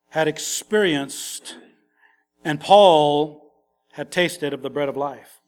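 A man preaching an expository sermon in a conversational, animated way, acting out quotes and adding quick asides. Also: a little high. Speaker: pastor.

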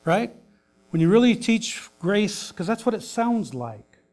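A male pastor preaching a sermon, swinging between emphatic loud lines and hushed soft ones. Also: high voice, very animated, a little slow.

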